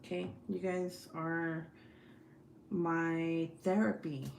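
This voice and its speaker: A young woman hosts a casual livestream from home, chatting bluntly and swearing freely. Her voice sits a little low. The room is echoey, with faint noise in the background. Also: little pitch movement, takes it slowly, creaky. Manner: blunt, profane and talkative. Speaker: livestream host. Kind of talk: casual chat with live viewers. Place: home, at night.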